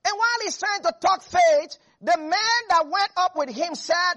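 A preacher delivering an animated, humorous sermon to a congregation. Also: very high voice, a little slow, few pauses. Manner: animated, jokes and laughs with the congregation.

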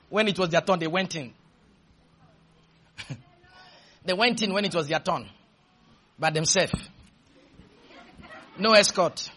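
Male preacher, very high and bright husky voice, shouts and draws out words, leads call-and-response. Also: slow, pauses often. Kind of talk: sermon.

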